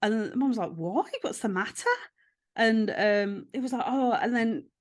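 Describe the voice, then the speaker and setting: A woman's voice: fairly high pitch, moderate pace. A podcast host, chatting casually. She tells stories with lots of energy and acts out the voices of the people in them. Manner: animated storytelling, acting out quoted voices. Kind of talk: casual chat.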